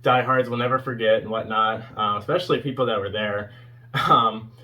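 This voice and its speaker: A man's voice: lowish voice, steady tone, moderate pace, highs cut off. A man in his twenties giving a casual, rambling spoken review as a fan video host, with many fillers and small chuckles. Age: 20s.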